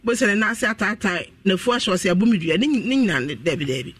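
A high-voiced man rattles off health advice at a quick clip on a radio talk show. He sounds set back from the microphone, earnest and explanatory as he walks listeners through what to do. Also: very animated, fairly bright tone. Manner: rapid, earnest explaining and advising. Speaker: health practitioner guest on radio. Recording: voice distant from the microphone.

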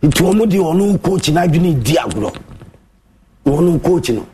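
A man with a Ghanaian accent hosting a sports monologue show, mixing Twi and English, theatrical, with big swings in pitch. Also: sing-song, measured pace, dark tone, breathy edge. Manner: mixes Twi and English, theatrical, shifts pitch a lot, sings bits.

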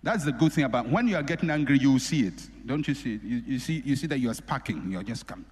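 Animated preacher man in an echoey hall. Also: mid-range voice, fast talker, slightly rough. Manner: animated, repeats phrases for emphasis, swings between loud and soft. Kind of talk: sermon. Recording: echoey hall with long reverb.

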